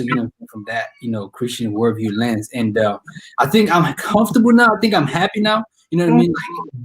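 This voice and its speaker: A man's voice: mid-range voice, a little hiss or hum, rough recording. A young man from Cameroon with a Cameroonian accent, chatting casually as an interview guest and filling his talk with "you know what I mean". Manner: laid-back, many "you know what I mean" fillers. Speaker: guest musician and podcast host.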